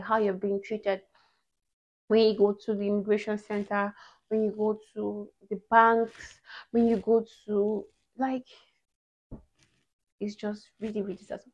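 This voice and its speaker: Woman vlogger, dull lo-fi audio. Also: medium pitch. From Nigeria. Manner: animated, emotional retelling with many restarts. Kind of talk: casual storytelling vlog.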